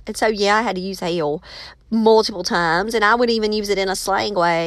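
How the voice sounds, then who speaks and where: A woman's voice: medium pitch, fairly quick, dry recording. A woman, a teacher and author giving casual, emphatic advice and calling her listeners y'all.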